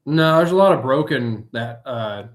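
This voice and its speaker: A man's voice: medium pitch, expressive, moderate pace. Man, podcast guest, casual chat, laid-back.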